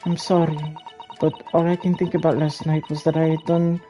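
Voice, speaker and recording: A man voicing a timid young female runaway ballerina, speaking softly and earnestly while reading game dialogue aloud. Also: a little high, flat delivery, moderate pace, music in the background, voice pushed up, natural voice. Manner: soft, earnest, apologetic pleading.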